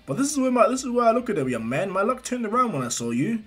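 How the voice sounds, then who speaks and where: A man's voice: high voice, big pitch swings, fast talker, husky, pitched above the performer's own voice, exaggerated voice. A man voicing a kindly, proud adult male hero mentor who speaks heartily to his young students in a spoken fan story. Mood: hearty.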